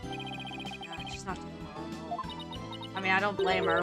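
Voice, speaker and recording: A woman's voice: fairly low pitch, fairly even intonation, a little slow, long pauses, music in the background. A young adult woman streaming a game, chatting in a casual, emotional, reflective way.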